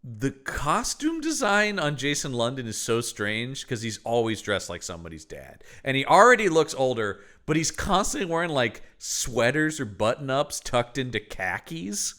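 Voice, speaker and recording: A man co-hosts a podcast in casual, joking chat and swears freely along the way. His pitch swings widely from line to line. His tone is bright and forceful. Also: big pitch swings, normal speed, hardly any pauses. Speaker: podcast co-host.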